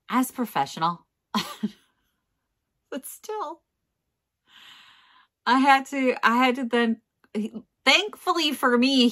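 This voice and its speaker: Woman, middle-aged, vintage reseller, casual vlog storytelling, very lively pitch, self-mocking, laughs often.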